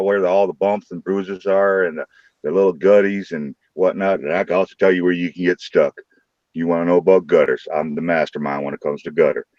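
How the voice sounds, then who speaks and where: Livestream host, male, low voice, rowdy crude banter, dull lo-fi audio. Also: no room sound. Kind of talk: casual live-stream chat.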